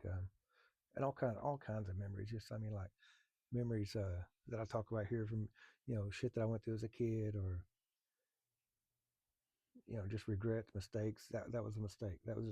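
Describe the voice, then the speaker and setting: A man's voice: on the low side, creaky, mellow, husky, dry recording. A man recounting his time as a firefighter, bluntly and with swearing, often stopping on fillers. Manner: blunt, profane, halting with many fillers. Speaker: firefighter telling a personal story. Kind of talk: candid storytelling.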